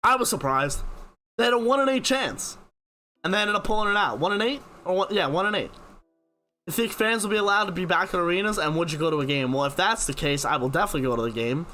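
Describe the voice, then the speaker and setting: Young male New streamer, bright and animated, casual sports chat. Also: high-pitched, fast, soft background music. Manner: animated, answers viewer questions by name. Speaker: live stream host reading chat questions.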